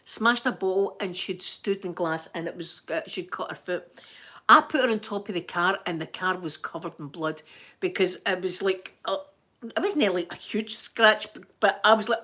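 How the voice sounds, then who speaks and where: A middle-aged Scottish woman chatting to her viewers, telling stories and acting out her own panicked screaming in sudden high bursts. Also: normal speed, pushed and bright. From Scotland. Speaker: live-stream host. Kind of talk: casual storytelling chat to viewers.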